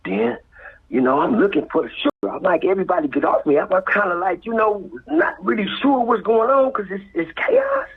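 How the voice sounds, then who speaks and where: A man with a Los Angeles accent tells a story with a very raspy, breathy voice. His pitch swings widely as he acts out voices and sound effects and drops into whispers, and the sound is thin and tinny like a phone line. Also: very animated, moderate pace, few pauses. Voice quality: very husky. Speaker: guest storyteller. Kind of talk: animated street storytelling.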